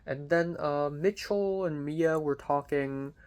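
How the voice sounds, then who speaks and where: A man's voice: fairly high pitch, slow, a little mellow, clear, resonant tone. A young man talking casually in a diary-style vlog, rambling with lots of fillers and the odd swear word. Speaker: vlogger.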